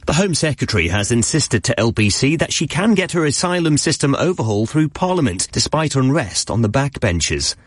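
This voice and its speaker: Lively male newsreader. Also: mid-range voice, husky, dry recording, studio quality. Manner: measured headline delivery. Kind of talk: news bulletin reading.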